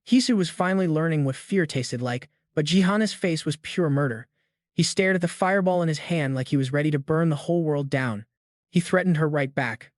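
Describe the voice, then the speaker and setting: A man narrating a comic recap in a brisk, slangy storytelling manner. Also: a little high, no echo, clean studio sound.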